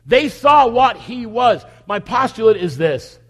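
A man's voice: very high-pitched, big pitch swings, a little slow, few pauses, a bit bright. A man preaching a conversational sermon in church, full of repeated rhetorical questions. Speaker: pastor. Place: church, at the communion table. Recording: long echo of a big hall.

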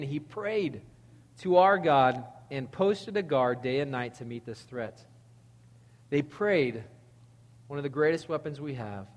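A man preaching a sermon in a conversational, animated way, reading verses and acting out quotes. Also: mid-range voice, big-room sound. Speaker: pastor.

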